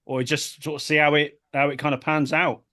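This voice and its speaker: A man's voice: on the high side, little pitch movement, fairly quick, bright, forceful tone. A man hosting a podcast interview, chatting casually, blunt and swearing freely. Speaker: podcast host.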